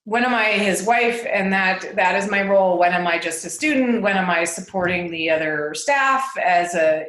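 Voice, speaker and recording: With a medium-pitched, fairly bright voice, a woman in her forties appears as a guest on a casual interview podcast. She hesitates often, fills gaps with fillers and laughs a great deal, and the recording carries a roomy echo.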